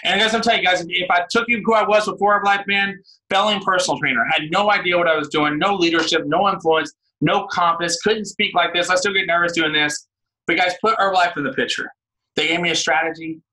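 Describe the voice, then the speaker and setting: A man in his thirties giving a fired-up motivational pep talk on a team call, shouting often and calling the listeners "guys" and "man". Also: sits high, steady tone, quick pace, low-quality recording. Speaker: guest speaker on a team call.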